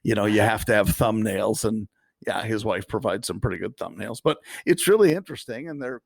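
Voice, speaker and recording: A man's voice: lowish voice, fairly quick, vocal fry, no echo. A man co-hosting a podcast, chatting casually, laughing often and trailing off at the ends of thoughts. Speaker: podcast co-host. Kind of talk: casual chat.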